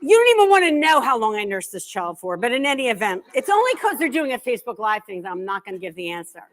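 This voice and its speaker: A lively woman in middle age holds forth as a guest author, joking at her own expense. Her slightly high voice swings up and down as she spins comic stories for a live audience. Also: fast. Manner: animated, joking, self-deprecating. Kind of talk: comic storytelling talk. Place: live library event.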